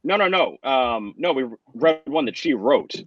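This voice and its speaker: A man's voice: mid-range voice, animated, unhurried, lo-fi sound. A man co-hosting a podcast, filling in a shared story with hesitant corrections and fillers. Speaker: podcast co-host. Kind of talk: casual storytelling chat.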